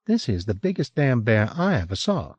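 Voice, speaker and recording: A man's voice: mid-range voice, big pitch swings, moderate pace, a little mellow, slightly rough, dry recording. A man voicing a pushy woman with a Southern drawl in an audiobook. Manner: pushy, emphatic. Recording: dull lo-fi cassette recording.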